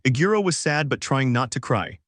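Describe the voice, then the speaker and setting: A man narrates a fan story in a plain, steady way at a middle pitch. The recording is dry and close, with no room echo. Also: fairly quick. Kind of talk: fanfic reading.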